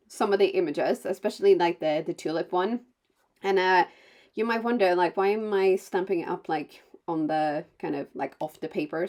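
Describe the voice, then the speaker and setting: A woman's voice: fairly low pitch, a little mellow. Chatty non-native English-speaking woman crafter. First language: not English. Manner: chatty and rambling, with many fillers and self-corrections; bubbly, with playful asides. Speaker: card-making vlogger. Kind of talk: casual voice-over narration of a crafting video.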